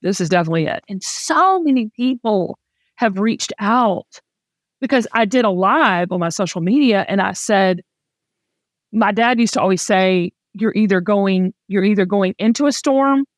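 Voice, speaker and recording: A woman's voice: mid-range voice, lively intonation, a little slow, no room sound, studio quality. A middle-aged woman with a Southern US accent, hosting a podcast and talking candidly and emotionally in casual chat. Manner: emotional, candid, chatty storytelling. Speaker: podcast host.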